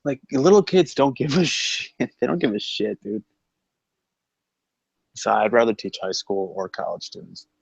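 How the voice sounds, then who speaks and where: Brief: excitable co-host man, husky lowish voice, lo-fi mic, casual profane banter. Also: unhurried, no echo. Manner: excitable, swears a lot, loud outbursts.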